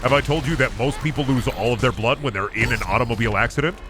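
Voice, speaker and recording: A man voicing a slick, pushy car-warranty telemarketer with smooth, rehearsed sales patter in a lowered voice. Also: fast, over music, close to an everyday voice. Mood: salesy.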